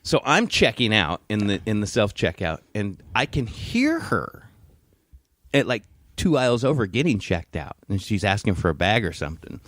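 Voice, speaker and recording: A man chatting on a podcast, lively and swinging all over in pitch as he tells a rant-filled story. He swears constantly and acts out each person's lines. The sound is close and dry. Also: normal speed, no room sound. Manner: animated storyteller, heavy swearing, acts out quotes. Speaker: podcast co-host. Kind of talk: casual chat.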